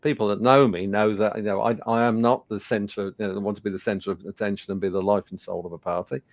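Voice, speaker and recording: A man in his sixties from England, giving a webinar talk as a presenter and telling personal stories in a conversational, animated way with fillers. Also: lowish voice, fast, no echo. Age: 60s. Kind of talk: storytelling presentation.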